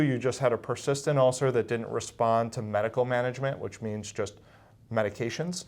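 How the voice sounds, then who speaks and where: Middle-aged man, medium pitch, calm and patient; a surgeon explaining in an interview. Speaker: bariatric surgeon.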